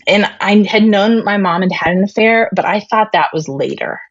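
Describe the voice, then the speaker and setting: This interview guest has a mid-range voice and talks at a moderate pace; the recording is dry and the highs are cut off. She frankly relates a personal family story, replaying conversations and using many fillers.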